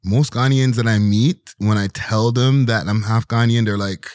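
A man's voice: lowish voice, fairly even intonation, moderate pace, darkish tone, no room sound. A man in his forties with a Toronto accent, a podcast guest chatting casually in street slang and often checking in with "you know what I'm saying.". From Toronto, Canada. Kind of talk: casual conversation.

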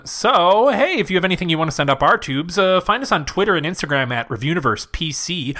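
A man's voice: on the high side, pushed and bright. A young man co-hosting a podcast, chatting casually and joking with lots of fillers and giggles. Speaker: podcast co-host. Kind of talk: casual chat.

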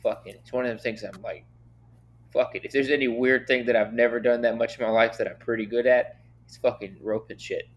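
A young man, a podcast guest, chatting casually and animatedly, cursing a lot and getting loud when worked up. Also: medium pitch, fairly even intonation, brisk. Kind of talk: casual chat.

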